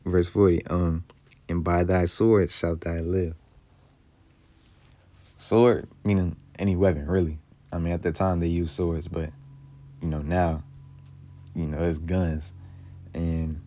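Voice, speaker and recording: Really deep voiced guy doing a bible reading, slow scripture then casual heated explaining. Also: darkish tone, no echo. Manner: reads old scripture slowly, then explains in loose casual speech; heated, emphatic commentary. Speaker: bible teacher.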